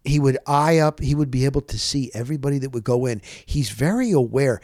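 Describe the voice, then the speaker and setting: A middle-aged man hosting a sports podcast, telling stories in an animated way and acting out what others said. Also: a little fast, few pauses, no echo, clean studio sound. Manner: animated storyteller, acts out quotes with big pitch jumps. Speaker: podcast host, sports reporter. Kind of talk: storytelling on a podcast.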